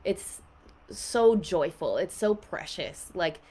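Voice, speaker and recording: A woman's voice: lowish voice, lively intonation, slow pace, warm tone, breathy edge. A young woman guest on a podcast, candidly telling an emotional personal story in a casual way, with many "like" fillers.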